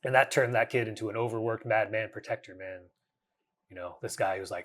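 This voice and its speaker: A man in his thirties hosting a reflective solo podcast, talking earnestly in a halting way with frequent restarts and casual swearing. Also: lowish voice, fairly bright tone. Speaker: podcast host.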